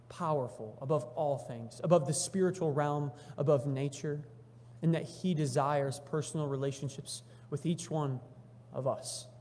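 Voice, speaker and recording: Man preaching a sermon in a reverberant church. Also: on the high side. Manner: reads scripture aloud, then retells it in animated everyday voices. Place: church sanctuary.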